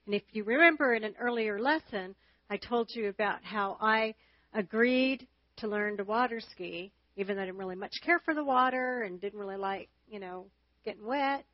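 A woman's voice: mid-range voice, normal speed, dry recording, dull audio. A woman chatting and telling stories during a church marriage lesson shared with her husband. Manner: chatty, storytelling. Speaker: marriage teacher, co-host with husband.

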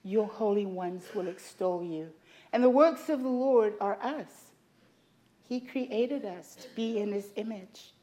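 A middle-aged woman delivers a sermon to a church congregation at a mid pitch. She tells stories from her own life with a humorous, confiding touch, mixing lessons with laughter. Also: a little slow, mellow. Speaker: preacher.

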